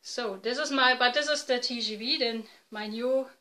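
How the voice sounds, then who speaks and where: Bright-voiced German woman in her forties. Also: fairly high pitch, rough recording. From East Germany. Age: 40s. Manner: halting, self-correcting non-native English. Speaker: podcast host. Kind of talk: casual video podcast chat. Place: home room, dim light.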